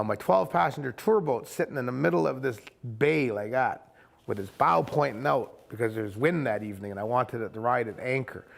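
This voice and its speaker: A man, a kayak camp owner, telling a story in casual, animated fashion and acting out other people's voices. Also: mid-range voice, creaky. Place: outdoors at a rocky bay.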